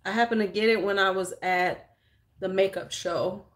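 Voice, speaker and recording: A woman's voice: mid-range voice, fairly even intonation, normal speed. A middle-aged woman hosting a beauty livestream, chatting casually and frankly while doing her makeup, joking bawdily with viewers.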